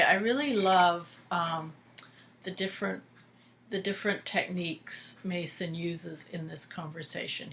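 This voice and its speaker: A woman's voice: on the low side, creaky, fairly bright tone, slight background noise. A woman co-hosting a podcast, discussing soap opera episodes in an engaged, analytical way. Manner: engaged, analytical, backchannels often. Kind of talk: casual chat.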